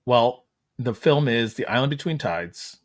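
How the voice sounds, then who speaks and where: A man's voice: medium pitch, animated, measured pace, no room sound. A male podcast host wrapping up an interview in a light, joking way. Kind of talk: casual chat.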